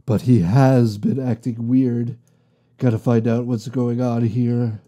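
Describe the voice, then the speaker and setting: Man reading as a slow, very dark-voiced puzzled agent. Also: mid-range voice, little pitch movement, lightly acted. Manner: muttering to himself, puzzled. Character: worried agent repairing a base. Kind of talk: storybook reading.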